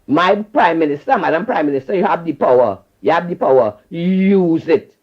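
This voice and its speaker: Trinidadian caller, impassioned rant, repetitive, scolding, lively rising and falling pitch, dull lo-fi line. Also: moderate pace.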